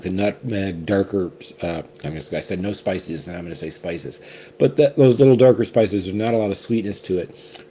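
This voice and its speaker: A man with a low, mellow voice talks casually through a whiskey tasting. He rambles, restarts his sentences and gets enthusiastic. A faint hiss of noise sits behind him. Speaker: whiskey reviewer, co-host.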